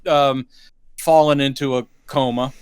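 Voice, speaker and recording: A man's voice: medium pitch, steady tone, measured pace, clear, resonant tone, no echo. A man co-hosting a podcast, chatting casually about a movie with a dry, sarcastic humor. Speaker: podcast co-host. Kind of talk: casual movie-review chat.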